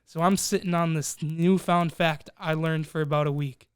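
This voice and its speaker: A man's voice: a little high, normal speed, clear, resonant tone, no echo, studio quality. Profane young man telling a wild story. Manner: profane, animated, acts out quoted voices. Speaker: podcast co-host. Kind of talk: casual storytelling among friends.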